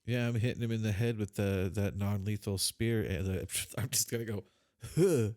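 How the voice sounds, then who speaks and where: Low-voiced man playing a tabletop game. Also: fairly even intonation, fairly quick, darkish tone, smooth, no room sound, clean studio sound. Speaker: player.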